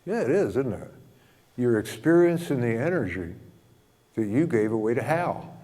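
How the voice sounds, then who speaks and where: A man giving a spiritual talk, telling stories in a gentle, humorous way and chuckling often. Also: medium pitch, animated, normal speed. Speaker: spiritual teacher. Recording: long hall reverb.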